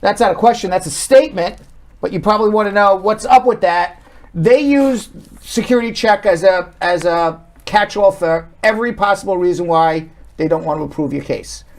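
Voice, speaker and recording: A man's voice: high voice, moderate pace. A man with a New York accent, an immigration lawyer hosting a live stream, greeting viewers by name and answering their questions. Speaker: immigration lawyer and show host. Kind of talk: live-stream chat, reading comments.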